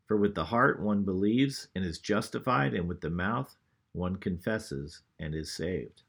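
A man's voice: low voice, measured pace, creaky, slightly rough. A man preaching a sermon, who reads scripture aloud and asks the congregation questions.

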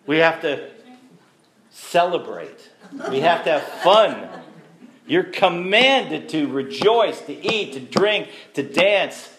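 A man's voice: fairly high pitch, sing-song, takes it slowly, fairly bright tone. Guy giving a sermon, chatty, asks the crowd stuff, roomy echo. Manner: conversational, asks the congregation questions. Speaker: messianic teacher. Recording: echoey room.

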